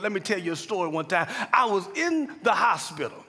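A male preacher with a high, bright voice that turns husky as he presses. He calls for responses from the pews and climbs into shouted climaxes. The sound rings with the long reverb of a large church hall. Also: sing-song, moderate pace, few pauses. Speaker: pastor and chaplain. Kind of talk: sermon.

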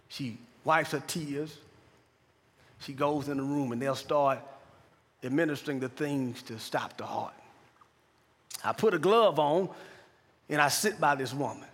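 Man preaching, husky, slightly high voice, quiet storytelling rising to loud fervor, long hall reverb. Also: measured pace, long pauses. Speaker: preacher, hospital chaplain. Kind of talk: sermon.

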